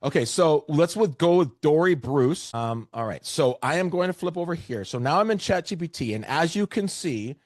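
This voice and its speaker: A man's voice: fairly high pitch, lively intonation, moderate pace, few pauses, dry recording, clean studio sound. A man from Canada with a Canadian accent, giving a training webinar and talking emphatically, often repeating words for stress. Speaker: presenter. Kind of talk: webinar presentation.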